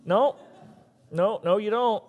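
A man's voice: high-pitched, slow, long reverb tail, phone-quality sound. A male pastor giving a casual, conversational sermon and acting out the voices of the people he talks about.

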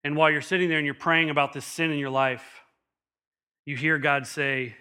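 A middle-aged man, a pastor, preaching a sermon with animated storytelling and acted-out quotes. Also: fairly high pitch, moderate pace, clean tone.

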